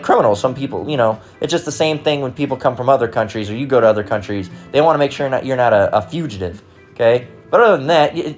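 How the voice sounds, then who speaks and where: An American man ranting casually in a heated, profane and sarcastic way, often restarting his sentences. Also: mid-range voice. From United States. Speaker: vlogger. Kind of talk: casual rant.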